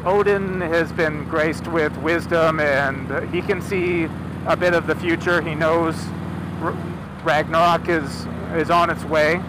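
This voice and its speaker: A man retells an old myth in a loose, chatty way, full of asides, while sitting in a car. He speaks slowly with a slightly high voice. A steady engine drone fills the background. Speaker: storyteller. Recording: car engine noise behind.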